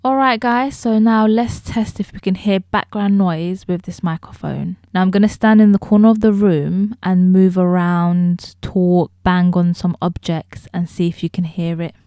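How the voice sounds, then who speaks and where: A woman talking straight to her viewers as she reviews a microphone, explaining each feature clearly, recorded close on a studio mic in a room at home. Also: lowish voice, steady tone, normal speed, hardly any pauses, mellow, no echo. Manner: explanatory, addresses viewers directly. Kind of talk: casual product review. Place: indoor room. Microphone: close studio dynamic microphone.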